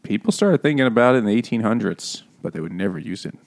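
A man co-hosts a casual book-club podcast over beer, retelling a plot in a lively, profane and joking way. His lowish voice is gravelly and quick-paced, with background noise behind it.

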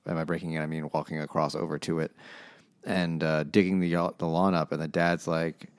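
A man co-hosting a casual podcast chat, summarizing a book in a rambling, deadpan way with some swearing. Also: very deep voice, fairly quick, no room sound. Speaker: podcast co-host.

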